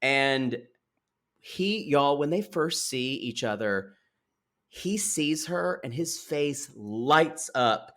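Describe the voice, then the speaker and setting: A man's voice: a little high, lively intonation, slow, a bit bright. Chatty man retelling a reality show. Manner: chatty storyteller, acts out quotes, many fillers. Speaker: podcast co-host. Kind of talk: casual chat recapping a reality show.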